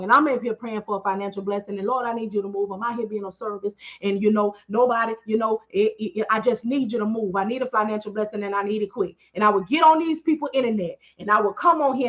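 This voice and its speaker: Woman, high bright voice, preachy testimony, lo-fi stream audio. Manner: preachy, emphatic, call-and-response asides. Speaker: business owner speaking to followers. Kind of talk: live-stream testimony to followers.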